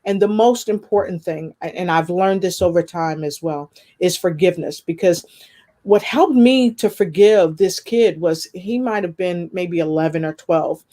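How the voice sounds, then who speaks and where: A woman guest sharing a personal testimony in conversation, earnest and expressive, with faith woven through her talk. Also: lowish voice, normal speed. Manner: earnest, expressive storytelling with spiritual references.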